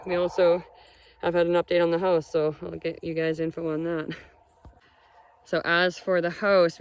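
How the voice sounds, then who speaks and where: Woman vlogging outdoors on her farm, lowish voice, chatty and excitable. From Canada. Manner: chatty and exclamatory. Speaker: homesteader vlogger. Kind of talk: casual vlog chat.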